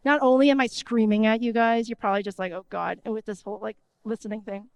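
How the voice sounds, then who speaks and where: A woman giving an energetic conference talk in a conversational tone, often checking in with the audience. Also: a little high, brisk, no echo. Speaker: conference speaker. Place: conference stage.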